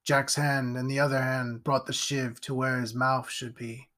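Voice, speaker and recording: A man narrating a horror story in a slow, deliberate storytelling manner. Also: mid-range voice, little pitch movement, a bit bright.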